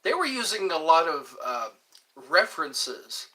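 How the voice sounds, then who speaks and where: Slow-talking man with a high, bright voice. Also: big pitch swings. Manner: muses aloud, half-singing song lines softly. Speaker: live stream host. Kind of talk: casual live stream chat.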